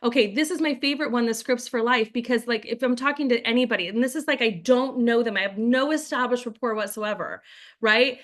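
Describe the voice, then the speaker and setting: A woman's voice: fairly high pitch, fairly quick, a bit bright. A woman leading a group video call as a network marketing trainer, chatty, with frequent "like" and "right?". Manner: chatty, acts out sample scripts in quotes.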